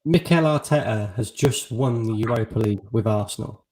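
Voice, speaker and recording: A man's voice: lowish voice, a little fast, a little mellow, rough recording. A man hosting a casual live stream, asking questions and reading viewer comments in an easygoing way. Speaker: host.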